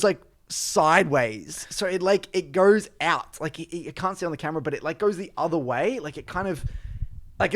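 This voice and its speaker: High-voiced man telling a rambling story. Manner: rambling, filler-heavy storytelling with frequent "like". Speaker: podcast co-host. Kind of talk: casual storytelling chat.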